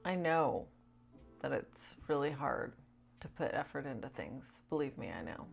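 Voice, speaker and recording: A woman's voice: a bass voice, sing-song, measured pace, creaky, faint music behind. A woman vlogger chatting casually to camera in a rambling way, with lots of "like" fillers.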